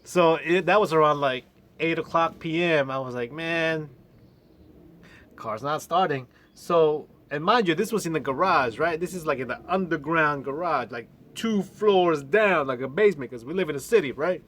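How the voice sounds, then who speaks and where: An American man telling a casual, animated story to his livestream viewers, often adding "man" and "right?". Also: a little high, normal speed. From United States. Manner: animated, chatty, fond of calling everyone "man". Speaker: English teacher and livestream host.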